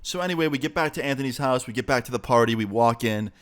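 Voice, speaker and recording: A man's voice: medium pitch, fast, fairly bright tone. A young man casually telling a personal story on his channel, full of slang and swearing. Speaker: YouTuber. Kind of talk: storytime vlog.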